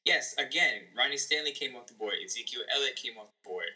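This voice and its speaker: A man's voice: mid-range voice, animated, quick pace, sharp tone, rough recording. A man who writes about sports, co-hosting a podcast and talking in a chatty, self-assured, rambling way. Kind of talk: casual sports chat.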